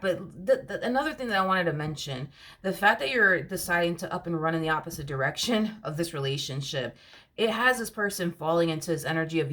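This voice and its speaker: A woman's voice: lowish voice, a bit bright. A woman giving a casual spoken tarot reading, talking in an emphatic, direct and slangy way and repeating her points. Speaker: tarot reader.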